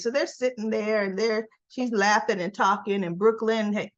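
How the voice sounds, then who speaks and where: Lady vlogger recapping soap scenes, chatty, mid pitch, kinda dull lo-fi audio. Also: animated, a little slow. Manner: chatty, retells scenes with "she goes" quotes. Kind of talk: casual episode recap.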